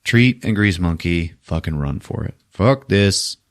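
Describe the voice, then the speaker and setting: A man hosting a podcast, retelling a movie plot in a loose, profane, animated way and laughing at his own jokes. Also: low-pitched, moderate pace. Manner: profane, animated retelling with sudden character voices. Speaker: podcast host. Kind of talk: casual movie recap.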